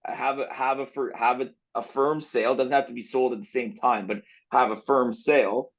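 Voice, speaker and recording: A man's voice: mid-range voice, fairly even intonation, normal speed. A man with a mid-range voice chats on a podcast, asking questions and working through his ideas aloud with many restarts. His mic sounds a bit dull and muffled. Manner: thinks aloud, asks questions, restarts phrases. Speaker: podcast co-host. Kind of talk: casual chat.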